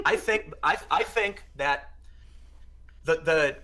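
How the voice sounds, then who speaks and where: A man telling an animated anecdote in casual conversation, acting out the exchanges he describes. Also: on the high side, slow pace. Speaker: podcast guest. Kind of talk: casual storytelling chat.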